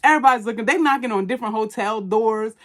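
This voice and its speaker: A woman hosts a podcast, retelling a movie plot in loose, animated storytelling. She peppers it with slang and cursing, and her voice sits a little high. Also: quick pace. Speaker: podcast host. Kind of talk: casual movie recap.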